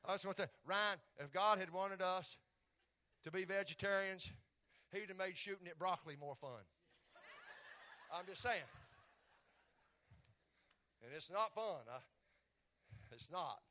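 A middle-aged man, preaching a folksy, joking sermon in a church and swinging from loud to soft. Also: high voice, a little slow, long pauses.

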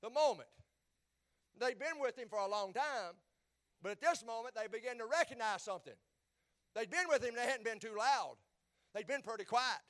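A pastor preaching a sermon, dropping to low murmurs and rising to shouts. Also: male voice, lively intonation, a little fast.

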